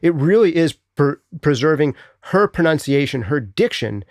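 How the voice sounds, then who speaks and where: A man hosting a casual live chat, answering viewer questions in a chatty, animated way and thinking out loud. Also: on the high side, normal speed, no room sound, studio quality.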